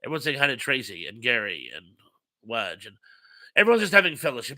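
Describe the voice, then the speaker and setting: A man's voice: mid-range voice, lively intonation, a little fast, pushed and bright. A man hosting a casual live stream chat, reading viewer comments aloud in a chatty, rambling way with many filler sounds.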